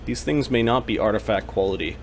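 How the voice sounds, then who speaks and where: A man's voice: lowish voice, a little fast, slight background noise. A man acting as game master, narrating a tabletop game and working through rules, with many fillers.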